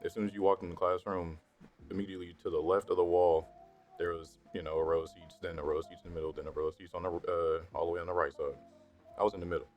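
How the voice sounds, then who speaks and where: Young man, deep voice, slangy, swearing, animated storytime vlog. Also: fast talker, muffled recording. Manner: profane, slangy, animated when worked up. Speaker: storytime vlogger. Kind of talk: casual storytelling. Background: faint background music.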